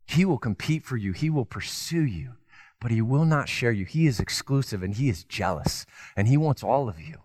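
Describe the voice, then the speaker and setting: A man preaching a sermon. He tells stories in a lively, conversational way, with self-deprecating asides, and moves from loud emphasis to hushed tenderness. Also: mid-range voice, normal speed, dry recording. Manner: animated storytelling, swinging between loud emphasis and hushed tenderness. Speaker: pastor.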